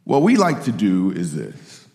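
A man preaching a sermon, animated and given to repeating his points and acting out quoted voices. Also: deep voice, a little slow, gravelly, reverberant, in a large hall. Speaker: pastor.

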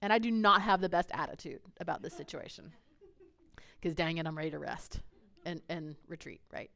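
A woman pastor preaching a sermon in a conversational, earnest way, telling a personal story and dropping to a hush for quoted dialogue. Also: deep voice, a little fast, vocal fry.

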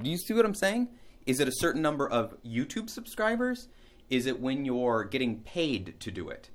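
A man vlogging a casual monologue, musing aloud in a rambling, animated way. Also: on the high side.

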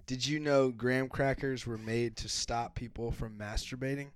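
A man's voice: mid-range voice, steady tone, moderate pace, clear, resonant tone, no room sound, studio quality. A man guesting on a casual comedy podcast, sharing anecdotes in a laid-back way.

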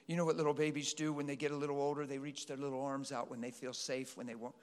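A man's voice: mid-range voice, quick pace, smooth. A middle-aged man preaching a sermon to a congregation, telling stories and pleading with the listeners. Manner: storytelling, pleading and animated. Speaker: pastor. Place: church hall with a congregation. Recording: long hall reverb.

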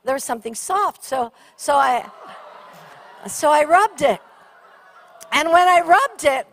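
High-voiced woman preacher telling a story. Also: measured pace. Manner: animated, shrieking during funny story parts. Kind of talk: sermon storytelling.

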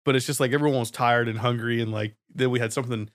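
A man's voice: medium pitch, steady tone, fast, dry recording. A man co-hosting a casual chat, recounting a story in a laid-back way. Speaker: podcast co-host.

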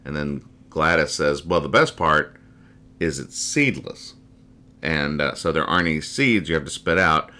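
Host, male, very low pitch, bright forceful tone, wry rambling comic-strip chatter. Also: expressive, normal speed. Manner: wry, rambling, trails off quietly after jokes. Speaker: podcast host reading comics. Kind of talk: casual comic-strip reading chat.

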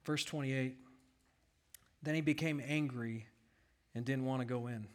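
A man's voice: medium pitch, steady tone, unhurried. A pastor preaching a sermon, reading scripture aloud and asking his congregation rhetorical questions.

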